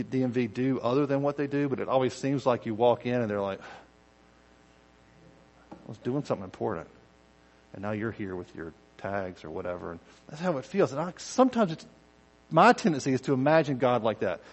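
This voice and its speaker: A man preaching a conversational sermon, dropping to quiet intensity and rising to loud, emphatic bursts, acting out quoted voices in asides. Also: mid-range voice, muffled recording. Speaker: pastor.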